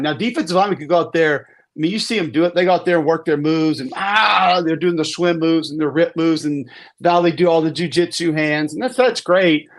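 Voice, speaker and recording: Emphatic man talking football, higher voice. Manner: emphatic, repeats words, restarts sentences. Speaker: football analyst guest. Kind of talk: casual sports podcast talk.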